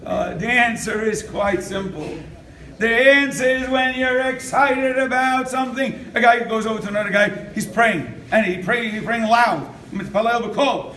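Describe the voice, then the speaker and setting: An older man gives a lively sermon, acting out the people in his stories. His voice sits very high, and he is heard from a distance across a roomy, echoing hall. A faint hum of background noise lies under him. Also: moderate pace. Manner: animated, acts out quotes, laughs often. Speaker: rabbi. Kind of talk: sermon with storytelling. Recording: echoey room from far off.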